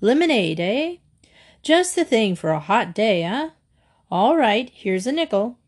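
A woman's voice: on the high side, sing-song, unhurried, darkish tone. A woman voicing a small, fussy older man who hems and haws nervously. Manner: nervous, hemming and hawing.

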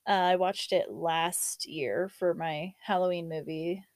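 A woman's voice: fairly low pitch, fairly even intonation, measured pace, dry recording. A woman hosting a casual chat, swearing and laughing, who also reads a scary story aloud. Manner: profane, laughing, chatty. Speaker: podcast host.

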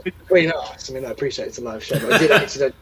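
A man's voice: mid-range voice, lively intonation, very fast, fairly bright tone, poor audio. A man hosting a casual podcast chat, rambling and self-deprecating. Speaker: podcast host.

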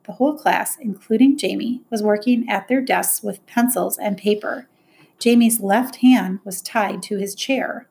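A woman's voice: mid-range voice, unhurried, creaky, a little mellow, husky. Woman narrating an audiobook. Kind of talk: first-person audiobook narration.

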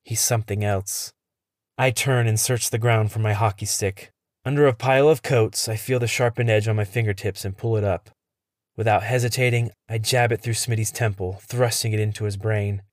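A man telling a first-person horror story in a steady, tense narration. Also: fairly low pitch, normal speed, no echo, clean studio sound.

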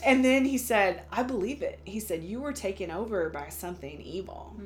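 A woman guest on a podcast, a medium telling stories in a casual, animated way and acting out the voices she quotes. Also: mid-range voice, moderate pace, slight background noise. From United States.

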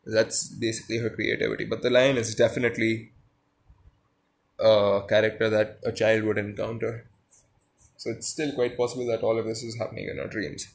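A man reading a story aloud and pausing to muse on it, thinking aloud and correcting himself. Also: fairly low pitch, flat delivery, vocal fry. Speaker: reader and commentator.

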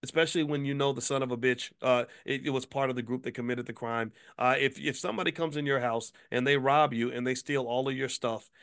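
A man's voice: mid-range voice, fairly even intonation, fairly quick, hardly any pauses, a bit bright, clear, resonant tone. A man hosting a commentary video who fires off angry rhetorical questions and curses freely. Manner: promotional plugging. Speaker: host, finance commentator.

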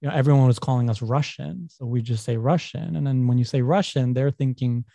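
A little fast and creaky, his mid-range, mellow voice carries a young New York man's rambling personal stories as a podcast guest. He laughs mid-telling and self-corrects in the casual talk, and the recording has no room sound.

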